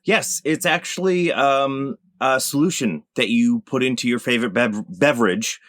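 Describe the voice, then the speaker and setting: A man on a comedy podcast panel, slowly spinning a joke answer with amusement. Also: mid-range voice, a bit bright. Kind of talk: casual podcast chat.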